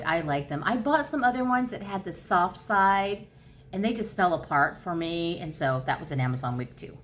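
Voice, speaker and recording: A woman in her fifties chatting casually at home for her crochet vlog, rambling and easily excited. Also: on the low side, slight background noise. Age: 50s. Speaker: crochet vlogger. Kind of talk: casual chat.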